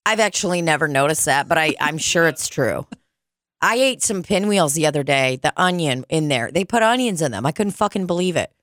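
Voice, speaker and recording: A young adult woman chatting casually on a podcast, telling profane, animated stories with mocking put-on voices. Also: sits low, brisk, no echo, clean studio sound. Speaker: podcast co-host, bartender. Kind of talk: casual chat.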